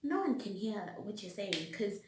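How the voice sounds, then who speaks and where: Slow-talking South African woman vlogger. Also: mid-range voice, slight background noise. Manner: animated, direct, acts out her own outbursts. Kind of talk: casual advice monologue. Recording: roomy echo.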